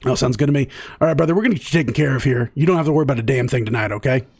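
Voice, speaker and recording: A man doing a rapid, friendly orc waiter. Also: mid-range voice, darkish tone, husky, soft background music. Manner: fast, friendly bro-style chatter. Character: big, easygoing male orc head waiter.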